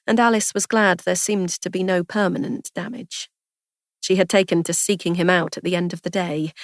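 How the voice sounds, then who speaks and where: A woman narrating a story aloud in an even, measured storytelling manner. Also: fairly low pitch, no room sound, clean studio sound. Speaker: audiobook narrator.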